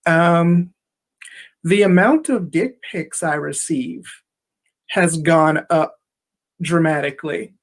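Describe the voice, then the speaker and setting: Slow, halting woman comedian. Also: deep voice. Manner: halting, filler-laden delivery. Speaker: stand-up comedian. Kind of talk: stand-up comedy. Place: comedy club stage.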